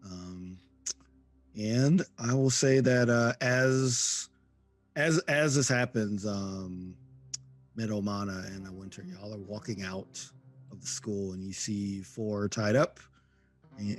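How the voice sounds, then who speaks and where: A man narrating as game master, halting and full of ums and restarts. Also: fairly low pitch.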